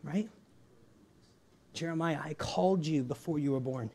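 A male pastor with a slightly raised pitch who preaches like he's chatting with friends. He leans on quick asides, small jokes and a constant "right?" to keep the room with him. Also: dark tone, breathy edge. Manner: conversational, keeps asking "right?", laughs often. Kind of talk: sermon.

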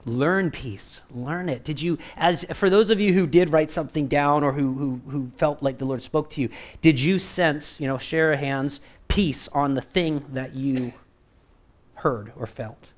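A pastor preaching to his church in a conversational, animated way, dropping into little acted-out voices and asking "right?" again and again. His voice sits a touch higher than most men's. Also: unhurried. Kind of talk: conversational sermon.

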